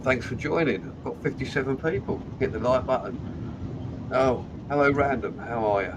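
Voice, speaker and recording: Sweary livestream host greeting viewers. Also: male voice, medium pitch, moderate pace, highs cut off, noisy background. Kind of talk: casual livestream chat.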